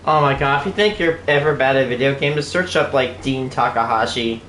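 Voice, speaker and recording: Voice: medium pitch, a little fast, fairly bright tone, reverberant, slight background noise. A streamer chatting casually while breaking into helpless fits of laughter and swearing, teary from laughing.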